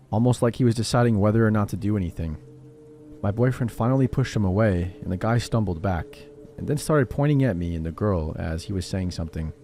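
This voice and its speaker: Low, mellow-voiced man narrating horror. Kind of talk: scripted narration.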